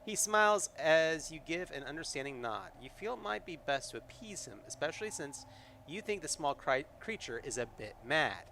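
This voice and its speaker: A man's voice: fairly high pitch, sing-song, moderate pace, noisy background. Rambling man streaming a solo game. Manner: rambling, many fillers and restarts. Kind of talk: live solo tabletop game, narrating and chatting.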